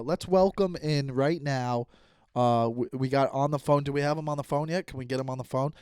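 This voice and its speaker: A man's voice: medium pitch, darkish tone, clean tone, no echo, studio quality. Exasperated comic man ranting. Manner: ranting, exasperated, acts out voices. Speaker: podcast host. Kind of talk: comic monologue.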